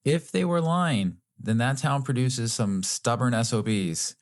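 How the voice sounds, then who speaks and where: A man's voice: mid-range voice, a little slow. A man co-hosting a podcast in a casual, joking, self-deprecating way. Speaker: podcast co-host.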